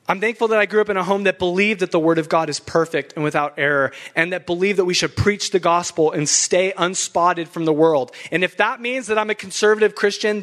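A man's voice: sits high, fairly bright tone. A young adult man preaching a sermon as pastor, emphatic and fired up, with laughs between points.

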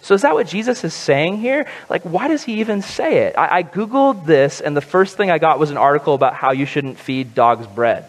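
A pastor giving a conversational sermon, animated and joking. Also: male voice, a little high, fairly quick, few pauses. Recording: long hall reverb.

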